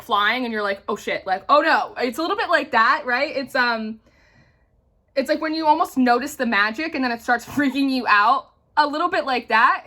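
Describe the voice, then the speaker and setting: Young woman, tarot reader, bright sharp tone, slightly high voice, rambling casual delivery. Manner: chatty, many "like" fillers and "right?" tags. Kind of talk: casual spoken tarot reading.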